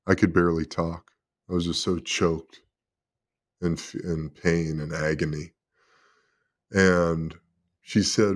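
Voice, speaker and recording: Deep-voiced man telling a candid story. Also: flat delivery, takes it slowly, long pauses. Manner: emotional, confessional, swears freely. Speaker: podcast guest, former pro football player.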